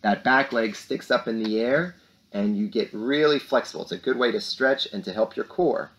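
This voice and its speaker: A man's voice: medium pitch, normal speed, a bit bright. Upbeat man hosting school announcements. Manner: upbeat, speaks to kids with rising emphasis. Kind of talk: lively morning announcements for children.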